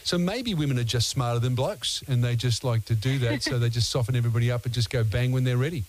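A man's voice: medium pitch, quick pace. A man hosting an overnight radio interview, asking long, hesitant questions full of fillers. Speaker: radio host.

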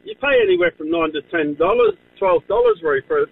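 A man's voice: high voice, huge pitch swings, a little fast, gravelly. A man calling a radio show, reminiscing in a swooping way. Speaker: caller. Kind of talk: nostalgic phone call. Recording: distant tinny phone line.

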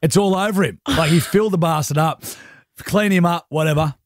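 A man's voice: on the high side, fairly quick, no echo, clean studio sound. A man in his thirties with an Australian accent, hosting a radio show and telling a story with jokes and laughter. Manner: storytelling, joking, laughs often. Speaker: radio host. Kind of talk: casual radio banter.

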